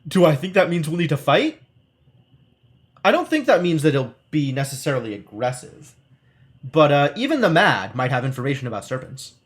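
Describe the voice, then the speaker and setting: A man's voice: fairly high pitch, sing-song, normal speed. A man streaming live, reading a gamebook aloud with wry asides as he plays.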